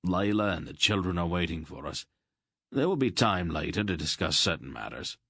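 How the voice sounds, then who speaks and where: A man's voice: low voice, expressive, normal speed, a bit bright, husky, no echo, studio quality, exaggerated voice. A man reading the part of a genial older king who speaks with tolerant amusement. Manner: tolerant, paternal.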